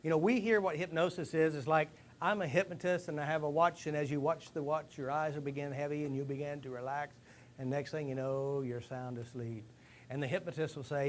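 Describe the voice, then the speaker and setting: A man giving a lively live talk to a rehab group, asking the room questions and acting out stories. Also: on the high side, fairly quick, slight background noise. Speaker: speaker addressing a rehab group. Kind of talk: live motivational talk to an audience.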